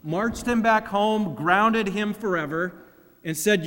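High-voiced preacher in a reverberant hall. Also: male voice. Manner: dramatic, swings from loud emphasis to hushed, slow phrasing. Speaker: pastor. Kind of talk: sermon.

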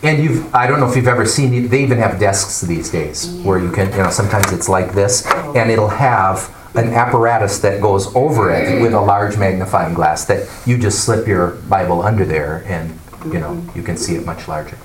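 A man teaching a Bible class, explaining and asking the class questions in an animated way. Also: lowish voice, moderate pace. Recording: echoey room, mic far off, faint noise.

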